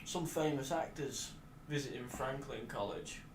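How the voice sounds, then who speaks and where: A man's voice: medium pitch, unhurried. A man in casual chat, mostly giving short dry remarks and reactions. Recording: echoey room with faint noise.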